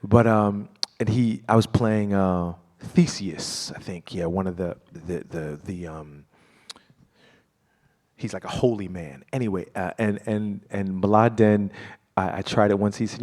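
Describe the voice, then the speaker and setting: A man with a fairly low voice talks as a guest at a live event. He speaks in a reflective, halting way, often pausing on fillers and starting over. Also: steady tone, a little mellow. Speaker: guest performer. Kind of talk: live stage conversation. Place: live event before an audience.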